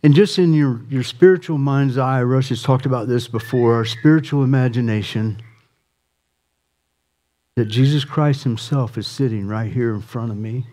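A man preaching a sermon as pastor, swinging from impassioned, near-shouted appeals to soft, quiet pleading. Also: medium pitch, normal speed.

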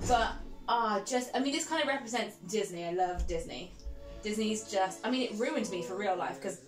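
A woman's voice: medium pitch, animated, moderate pace, roomy sound, faint music behind. A woman from the Black Country with a Black Country accent, a podcast guest in casual chat, bubbly and laughing often as she tells stories with feeling. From Black Country, England.

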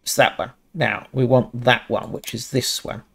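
A man's voice: steady tone, normal speed, vocal fry, fairly bright tone, slightly rough. A man commentating a cooking game, swearing a lot and talking himself through each task. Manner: yelps high when things go wrong. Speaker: gaming channel host. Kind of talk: casual gameplay commentary.

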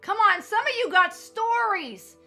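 A woman's voice: very high voice, lively intonation, measured pace, sharp tone, faint music behind. A woman telling a personal faith testimony in a fervent, emphatic storytelling manner, as a ministry leader addressing her viewers. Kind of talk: testimony sermon.

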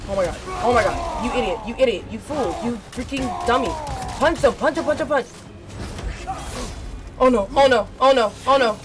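A woman streaming a video game live, reacting excitedly and repeating phrases rapidly as she plays. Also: fairly high pitch. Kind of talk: live gameplay commentary. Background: game music.

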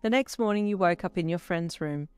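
A reader narrating a second-person fan fiction story in a gentle, even manner. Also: mid-range voice, brisk, clean tone, no echo, soft background music.

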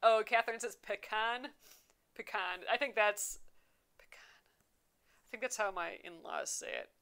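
A woman's voice: medium pitch, normal speed, fairly bright tone, clean tone. A young adult woman hosting a casual craft livestream, chatting and reading viewer comments aloud with frequent laughs. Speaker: embroidery livestream host.

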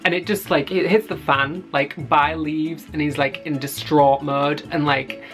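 A man's voice: a little high, steady tone, a little slow, a bit bright, soft background music. A man giving a casual, profane recap of a web series and acting out the characters' lines.

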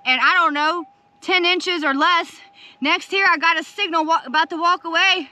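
A gold prospecting vlogger chats to her viewers while searching outdoors in the desert, with her camera set down nearby. She calls them y'all, squeals with excitement, and speaks at a normal speed in an extremely high-pitched voice.

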